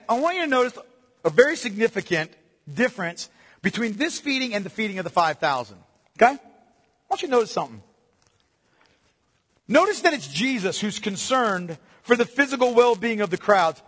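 A man preaching a sermon, animated, calling listeners "beloved" and sometimes dropping to a hush. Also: very high-pitched, breathy edge. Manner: animated preaching, addresses listeners as beloved, drops to hushed tones. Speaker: pastor. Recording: long hall reverb.

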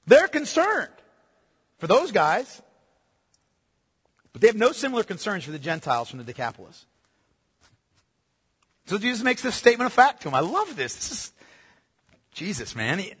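A pastor preaches with a bright, high, lively, slightly husky voice that swoops from hushed lows up to ringing peaks, calling his listeners beloved. He moves at a moderate pace with long pauses, and the sanctuary gives his voice a long reverb.

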